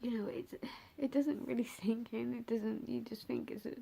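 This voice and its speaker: A young woman recounts a painful memory to her camera, her voice husky and mellow with a gravelly edge. She speaks haltingly, circling back and filling pauses as the emotion rises in her talk. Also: on the high side, steady tone. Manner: halting, hesitant, with many fillers and restarts; emotional and raw. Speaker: bereaved mother telling her story. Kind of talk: personal vlog storytelling.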